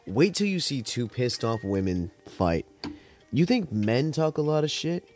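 A young man hosting a podcast, telling stories in a rambling, laid-back, profane way while high, with cotton mouth. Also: big pitch swings, a little slow, a little mellow, faint music behind. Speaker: podcast host. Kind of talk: casual storytelling monologue.

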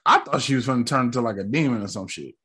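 A man's voice: medium pitch, expressive, rapid-fire, a bit bright, breathy edge. A man co-hosting a casual recap podcast, talking in a laid-back, slangy, joking way. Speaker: podcast co-host. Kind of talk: casual TV episode recap chat.

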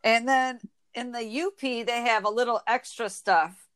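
A woman in her twenties from Michigan with an Inland North accent, chatting casually as a podcast host, a bit nasal and quick to laugh. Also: on the high side, clear, resonant tone. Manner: chatty, laughs often, quick when excited. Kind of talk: casual chat.

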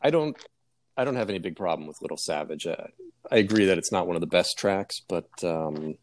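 A man co-hosting a casual music podcast, explaining his views in a measured, hesitant way. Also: deep voice, lively intonation, slight background noise. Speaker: podcast co-host.

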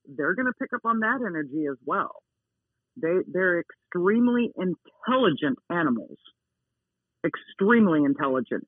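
A woman who is not soft-spoken, talking emphatically in a casual interview and repeating her key words. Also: lowish voice, husky, no room sound. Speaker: dog owner interviewed as a guest. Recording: tinny phone line.

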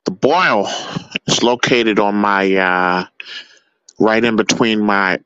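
Dude doing an awkward clingy buddy, stumbles over every word, bright tense voice, muffled voicemail. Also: male voice, fairly low pitch, clear, resonant tone, no room sound. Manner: halting, full of ums and uhs. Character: awkward overly attached male friend, hesitant. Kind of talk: comedy voicemail sketch.

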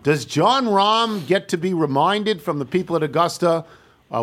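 A man's voice: high-pitched, lively intonation, moderate pace, fairly bright tone. A man hosting a radio talk show, introducing a guest and leading the chat in a conversational way. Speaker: radio host.

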